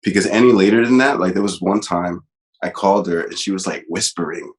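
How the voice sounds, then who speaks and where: A man from New Jersey, a podcast guest in casual chat, halting and repeating words, quick to giggle. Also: low-pitched, fairly even intonation.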